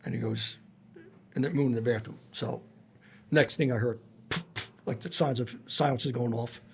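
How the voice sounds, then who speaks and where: A man's voice: medium pitch, moderate pace, creaky, noisy background. A man, a former federal agent, telling blunt and profane stories full of quoted dialogue as a podcast guest. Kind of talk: storytelling in a casual interview.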